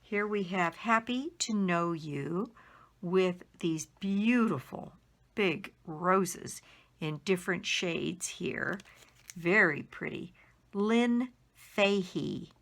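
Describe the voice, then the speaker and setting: A middle-aged woman with a slightly low, gravelly voice takes her time, moving unhurriedly through a stack of handmade greeting cards. She admires each one and carefully spells out who made it, one letter at a time. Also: takes it slowly, a bit bright. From Colorado. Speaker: card-making demonstrator. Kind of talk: casual show-and-tell of handmade cards.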